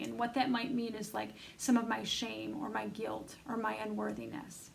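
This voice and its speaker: Gravelly-voiced woman coaching self-love. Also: on the high side, completely flat delivery, moderate pace, a little hiss or hum, rough recording. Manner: earnest, encouraging, speaks straight to the listener. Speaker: self-love coach leading an online bootcamp. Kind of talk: conversational self-help coaching talk.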